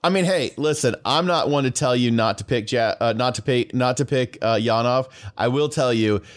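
A game master narrating a tabletop game with dry, deadpan remarks. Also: mid-range voice, normal speed.

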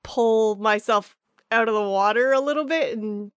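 Woman, game player, slangy, joking, higher pitch, dry close mic. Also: moderate pace, smooth, dry recording. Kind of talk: casual role-play as player.

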